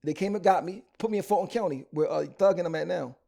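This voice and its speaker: This Philadelphia rapper, a guest in an interview, recounts his story in a Philly accent with animated, slangy bursts and frequent restarts. His voice is high-set, gravelly, and moves at a quick pace.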